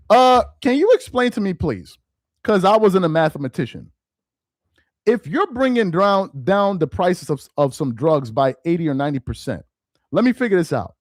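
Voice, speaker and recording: A man hosting a live-stream commentary, reading aloud slowly with heavy emphasis and mocking what he reads. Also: high voice, big pitch swings, dry recording, studio quality. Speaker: political commentary host.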